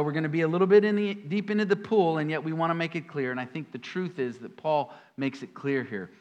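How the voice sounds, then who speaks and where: A man preaching a sermon in an animated way, with sudden emphatic jumps and folksy asides among his scripture readings. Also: mid-range voice. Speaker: pastor.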